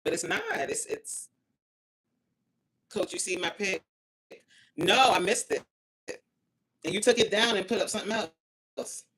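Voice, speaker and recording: A woman's voice: medium pitch, measured pace, pauses often, a bit bright, slightly rough. A woman hosting a casual phone livestream, reading viewer comments aloud and grumbling about the stream cutting out. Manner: chatty, reads viewer comments aloud, complains about glitches. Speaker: livestream host reading chat.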